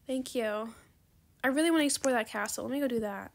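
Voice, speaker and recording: A woman giving casual gameplay commentary, excitable and gushing, then soft and apologetic when she turns down offers. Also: on the high side, fairly quick, gravelly. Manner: apologetic, soft-spoken when declining trades. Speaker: gaming video creator.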